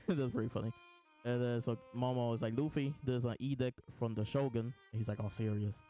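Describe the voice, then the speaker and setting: Reading a comic chapter aloud during a casual live reaction, a male host breaks off into laughs and restarts. His voice is medium-pitched and dark, with fairly even intonation and a moderate pace, and faint music plays behind him.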